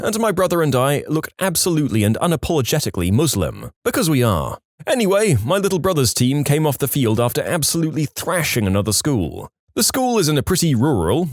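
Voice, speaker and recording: A man reads reddit stories aloud with a lively, sing-song delivery that rises and dips through each anecdote. His pitch sits in a middle range. The recording is dry and close, with no room sound. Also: no room sound. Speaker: narrator.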